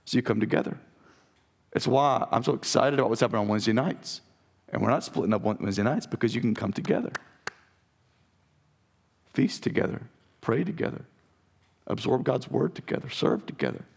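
Raspy-voiced pastor man preaching. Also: mid-range voice, lively intonation, brisk, pauses often. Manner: earnest, direct, talks straight to the congregation. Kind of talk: sermon. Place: church sanctuary.

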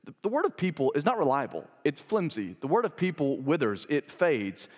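A man's voice: fairly high pitch, wildly swooping pitch, brisk, a little mellow, big-room sound. A young adult man, a pastor, preaching a sermon in a conversational, emphatic way, full of rhetorical questions.

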